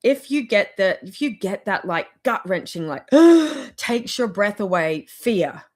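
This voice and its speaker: A woman's voice: medium pitch, lively intonation, a little slow. A woman giving casual motivational advice in a vlog, rambling and chatty, with frequent laughs. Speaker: wellness vlogger.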